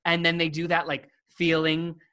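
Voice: medium pitch, monotone, bright, forceful tone, smooth. A co-host in a casual chat about a musical, enthusiastic and gushing. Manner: enthusiastic, gushing, quick asides. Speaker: podcast co-host.

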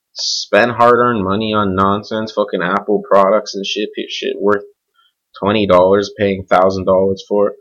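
A man's voice: fairly low pitch, a bit bright. A man hosting his own podcast, talking off the cuff in a blunt, profane, rambling solo rant. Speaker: podcast host. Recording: dull lo-fi home recording.

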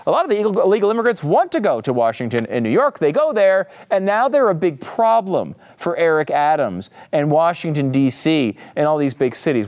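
A man's voice: on the high side, big pitch swings, brisk, hardly any pauses, a little mellow. A man hosting a political talk podcast, delivering sarcastic commentary with frequent asides. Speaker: podcast host.

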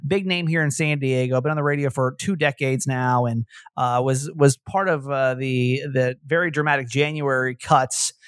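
A man hosting a casual podcast chat, quick and self-mocking, laughing often. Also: mid-range voice, fairly even intonation, clean tone, no echo, clean studio sound. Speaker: podcast host.

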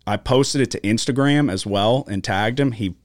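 A man's voice: mid-range voice, moderate pace, no echo. A man co-hosting a studio podcast, telling stories in casual chat, swearing freely and acting out quoted voices. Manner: profane, animated storytelling with quoted voices. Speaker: podcast co-host.

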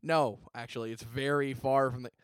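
A man co-hosting a comedy podcast, rambling through deadpan jokes with frequent restarts. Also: medium pitch, normal speed, clear, resonant tone, no room sound, studio quality. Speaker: podcast co-host.

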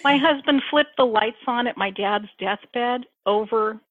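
Fifties woman on a phone line, kinda high voice, laughs thru her stories, dry sound. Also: a little slow, no echo. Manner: candid, laughs often, animated storytelling. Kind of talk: casual chat.

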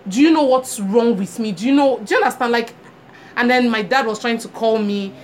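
A woman's voice: a little high, fairly quick. A woman co-hosting a chat show, telling a story with animation and acting out the people she quotes. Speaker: podcast co-host. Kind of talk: casual chat. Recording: faint background noise.

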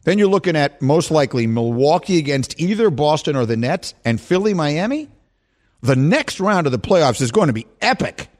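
Male sports talk host, animated and teasing, high and bouncy voice. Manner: animated, quick to laugh and tease.

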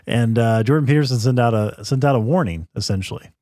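Chatty podcast co-host, dry close sound. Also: male voice, medium pitch, fast talker, dark tone, no echo. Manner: chatty, trailing restarts. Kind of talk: casual chat.

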